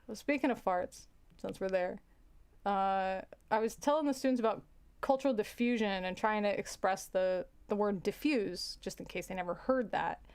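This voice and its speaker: A woman's voice: a little high, a little mellow, smooth. A woman who teaches, chatting casually and telling rambling, self-interrupting stories with frequent laughs. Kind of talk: casual storytelling chat.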